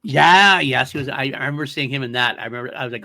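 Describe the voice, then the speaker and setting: A man's voice: medium pitch, rapid-fire, gravelly, pushed and bright, dry recording. Male podcast host, casual and rambling, mid-range voice, dry close sound. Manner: enthusiastic, rambling, laughs often. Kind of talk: casual chat.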